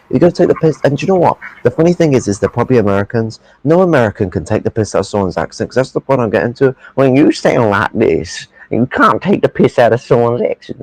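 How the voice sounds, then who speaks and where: A man's voice: on the low side, a little mellow, no room sound, rough recording. A man in casual political chat, blunt and profane, ranting at length.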